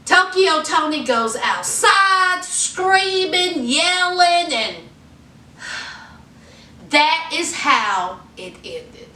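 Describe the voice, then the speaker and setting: Woman vlogger, high bright voice, unhurried sassy gossip delivery, roomy sound from a mic set back. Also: distant mic. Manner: sassy, animated storytelling with "honey" and "y'all". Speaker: recap vlogger. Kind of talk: casual gossip recap. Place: indoor room under hot lights.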